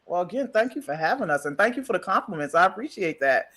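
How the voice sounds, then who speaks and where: A woman from New York with a New York accent, a podcast co-host talking in a casual interview, direct and blunt and quick to laugh. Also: lowish voice, sing-song, a bit bright.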